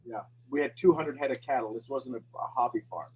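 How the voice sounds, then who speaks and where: Husky emotional man on a muffled call. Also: mid-range voice, fairly quick. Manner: rambling, emotional, affectionate. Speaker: host of a morning call. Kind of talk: casual heartfelt chat.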